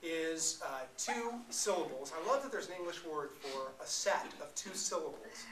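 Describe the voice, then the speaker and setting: A man giving an energetic, joking live talk about poetry to an audience at a venue. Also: a little high, normal speed, a crowd in the background. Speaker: poet performer. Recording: echoey room, mic far off.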